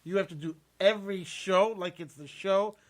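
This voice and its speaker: A man hosting a casual radio show from a basement studio, loud, profane and joking, often laughing. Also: high voice, moderate pace.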